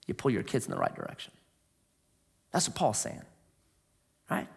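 A man preaching a sermon in a conversational way, asking rhetorical questions and swinging from loud emphasis to quiet asides. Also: wildly swooping pitch, moderate pace, gravelly, long pauses, breathy edge. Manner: swings between booming emphasis and hushed, low asides. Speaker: pastor.

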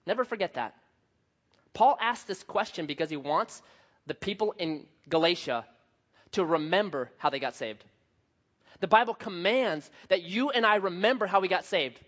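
A man pastor preaching a sermon, telling a story with lively swings from hushed to loud. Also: high voice, moderate pace. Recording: dull lo-fi sound.

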